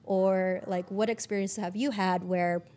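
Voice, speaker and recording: A woman's voice: medium pitch, steady tone, measured pace, warm tone. A woman producer chatting casually as a podcast guest, peppering her talk with "like" and the odd swear. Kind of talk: casual interview chat.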